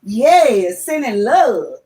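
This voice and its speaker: Woman host, slow and easygoing, greets her viewers by name. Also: a little high, sing-song, dark tone, husky. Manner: chatty, greets viewers by name, fiddles with phone setup. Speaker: livestream host. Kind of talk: casual livestream chat. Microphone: phone.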